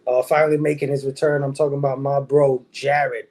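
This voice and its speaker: A man's voice: medium pitch, level tone, fairly quick, a little mellow. A man hosting a casual movie panel show, upbeat and laughing often as he greets guests and the chat. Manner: hype, friendly, laughs often. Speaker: podcast host.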